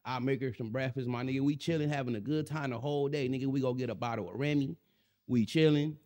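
A man's voice: medium pitch, fast talker. A man telling a story in casual chat, slangy, repeating his catchphrases. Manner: animated, slangy, repeats "my nigga" and "you feel me". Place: Los Angeles.

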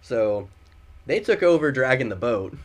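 A man's voice: mid-range voice, a little slow. A young man hosting a podcast, telling a story casually and acting out the quotes with gusto. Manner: animated storyteller, acts out quotes loudly. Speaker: podcast host.

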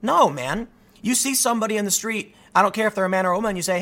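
He's a young American man ranting solo on a channel he hosts, animated and fidgety, repeatedly restarting what he's saying. Expect a high voice and fast delivery.

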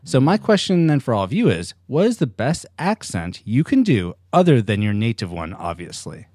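A man hosting a casual podcast chat, lively and joking, often laughing. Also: mid-range voice, moderate pace, no room sound, clean studio sound. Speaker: podcast host.

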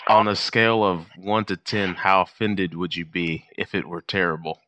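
A man's voice: deep voice, steady tone, moderate pace, bright, forceful tone. An American man hosting a podcast, chatting in a playful, teasing way. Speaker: podcast host. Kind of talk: casual chat.

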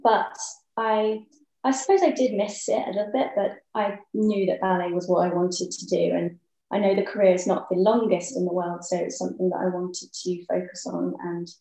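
A woman's voice: on the low side, level tone, normal speed, vocal fry. Woman dancer in an echoey room. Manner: thoughtful, with many ums and soft laughs. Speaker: guest, ballet dancer. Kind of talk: casual interview chat.

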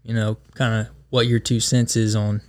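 A man's voice: lowish voice, little pitch movement, normal speed. A man co-hosts a casual podcast. He pokes fun at his friend and throws in joking remarks, keeping the conversation light. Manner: teasing, ribbing his co-host. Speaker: podcast co-host. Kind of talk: casual chat.

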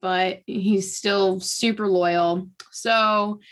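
A woman's voice: mid-range voice, steady tone, very slow. A woman casually recapping a book's plot with a sarcastic, chatty delivery full of fillers. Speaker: podcast host. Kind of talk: casual chat recapping a book.

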